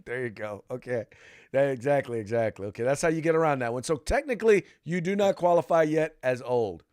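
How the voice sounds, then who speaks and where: A man's voice: medium pitch, animated, a little fast, darkish tone. A man hosting a casual political talk podcast and reading sponsor spots. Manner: conversational, reads ad copy. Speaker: podcast host.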